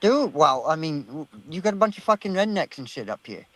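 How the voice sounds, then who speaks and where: A man's voice: a little high, big pitch swings, a little fast, a crowd in the background, rough recording. A man telling a heated, profanity-filled story on a casual online panel call.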